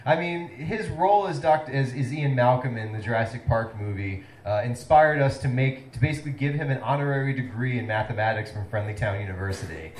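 A man hosting a comedy show as a mock town-meeting presentation, talking in a halting way full of fillers. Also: mid-range voice, roomy sound, recorded from a distance, a little hiss or hum, poor audio. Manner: halting, filler-heavy delivery, breaking into laughter.

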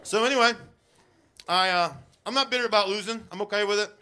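A man's voice: high voice, quick pace, pushed and bright, clean tone. A man performing a stand-up comedy set, self-deprecating and rambling with lots of fillers.

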